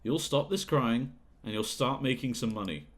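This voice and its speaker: A man's voice: mid-range voice, animated, normal speed, lightly acted. A man voicing a manipulative, bullying male talent manager who talks down to a young singer, in a video game playthrough. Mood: coaxing. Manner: condescending, bullying, sneering.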